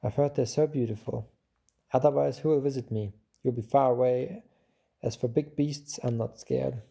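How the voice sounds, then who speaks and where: Proud, delicate flower lady, gentle but stubborn, husky and dark, read by a male narrator. Storybook figure. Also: medium pitch, fairly even intonation, moderate pace. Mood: tender, proud. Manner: soft and gentle, with a proud edge.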